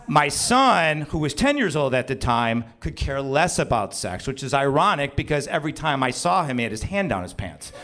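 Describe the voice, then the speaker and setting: A middle-aged man tells a comic story into a stage microphone, mocking himself as he goes. His voice sits a little high for a man and swings widely in pitch. He slips into other people's voices in quick bursts. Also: big pitch swings, a bit bright. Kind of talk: live comedic storytelling. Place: small live venue on stage.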